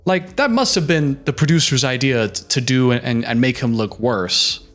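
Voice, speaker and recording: A man's voice: mid-range voice, lively intonation, moderate pace, a bit bright, faint music behind. A man giving a casual, sassy recap of a reality show, throwing in joking asides. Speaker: reaction commentator.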